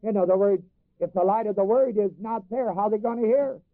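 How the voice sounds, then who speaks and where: Heard on a dry, phone-like recording with no echo, a man with a high, brisk voice delivers a sermon. He reads King James scripture in its old wording, explains it to the congregation, repeats lines for emphasis, and lets the congregation finish them.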